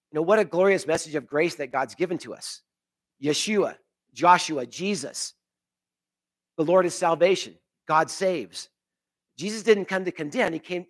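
An earnest pastor delivering a sermon in a slightly higher-than-usual male voice. He swells on key phrases, then sinks to quiet, weighty emphasis.

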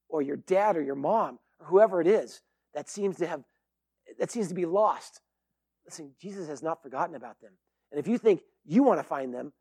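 A man with a high-pitched voice preaching a sermon. He talks in an earnest, conversational way, and the sound is dry and close. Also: warm tone, slightly rough, no echo. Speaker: pastor.

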